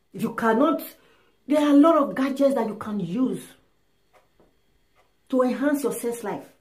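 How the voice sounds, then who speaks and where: A woman with a slightly high voice gives frank relationship advice in a casual, animated monologue. She talks emphatically, acting out little scenes to make her points. The room has a noticeable echo. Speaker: relationship and sex advice speaker. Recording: roomy echo.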